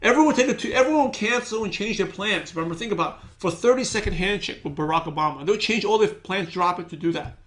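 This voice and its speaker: High-voiced man giving an energetic sales training. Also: quick pace, hardly any pauses. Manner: energetic, repeats himself, acts out sample calls. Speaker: business trainer.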